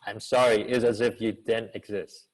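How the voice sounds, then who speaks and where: A man, a business school professor and communication coach, answering questions in an online seminar over a video call. He has an actor's expressive delivery, with an energetic coaching tone and many rhetorical questions. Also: fairly low pitch, normal speed, poor audio.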